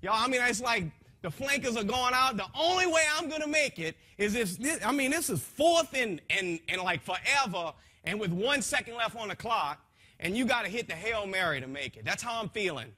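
A man with a high, bright voice and a husky edge tells his testimony to a gathering. He talks in a folksy, rambling way with many restarts, and swings between quiet reflection and loud, impassioned bursts. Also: animated, brisk. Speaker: speaker giving a testimony. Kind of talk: emotional spoken testimony to a gathering.

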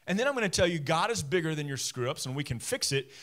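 Animated pastor preaching from the stage. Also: male voice, a little high, fast. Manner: conversational, animated, talks straight to listeners; self-deprecating humor. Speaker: teaching pastor. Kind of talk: sermon. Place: church stage.

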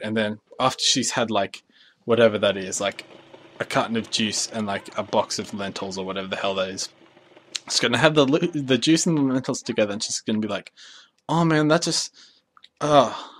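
A young man giving rambling, jokey commentary over his own gameplay, easily excited. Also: lowish voice, brisk. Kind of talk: casual let's play commentary.

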